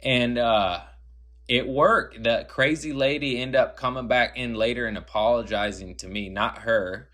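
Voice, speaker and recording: Man, comedian guest, bright forceful voice, casual profane storytelling. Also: medium pitch, fairly even intonation, measured pace. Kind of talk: casual podcast chat.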